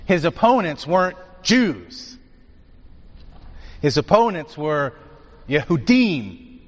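A man preaching a sermon, teaching emphatically and asking his listeners rhetorical questions. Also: fairly high pitch. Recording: dull sound with long hall reverb.

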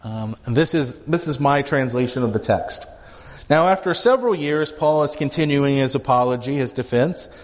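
A man's voice: medium pitch, normal speed, few pauses. A man teaching a Bible class, explaining emphatically and asking rhetorical questions. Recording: dull recording with hall reverb.

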